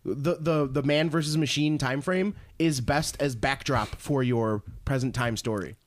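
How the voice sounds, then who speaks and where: A man's voice: mid-range voice, a little slow, no echo, studio quality. A man co-hosting a gaming podcast in casual chat, blunt and opinionated, teasing his co-host.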